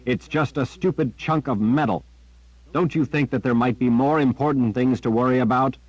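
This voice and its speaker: A man's voice: medium pitch, animated, drawn-out words, no room sound. A man doing an exhausted, impatient young man. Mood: angry. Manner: impatient, clipped through gritted teeth. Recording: dry, dull lo-fi.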